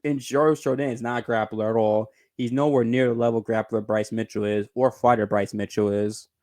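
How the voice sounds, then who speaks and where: A man's voice: fairly even intonation, brisk, a little mellow. A man hosting his own sports channel, talking through fight news in a rambling, self-correcting way and swearing casually. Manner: rambling, self-correcting, bursts into high giggling laughter. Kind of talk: casual reaction commentary.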